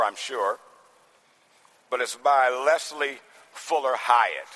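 A man preaching a sermon as pastor, swinging from soft talk to shouting. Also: mid-range voice. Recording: long hall reverb.

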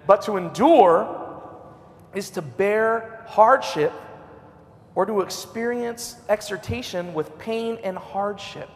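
A man preaching a sermon, telling a personal story with swings from a hush to a loud, high voice. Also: in a large hall.

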